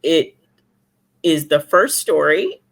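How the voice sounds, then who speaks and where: A woman in her forties talks as a guest on a video call, her fairly low voice rising and falling in wide swings. She tells her stories with lively energy and slips into the voices of the people in them. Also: slow pace, vocal fry. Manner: animated storyteller, acts out voices of others. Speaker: romance author guest. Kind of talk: casual interview chat.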